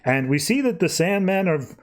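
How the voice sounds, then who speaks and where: A man with a high voice and big pitch swings hosts a podcast, casually recapping comic issues. He runs through scenes loosely and offhandedly, tossing in quick throwaway voices for the characters.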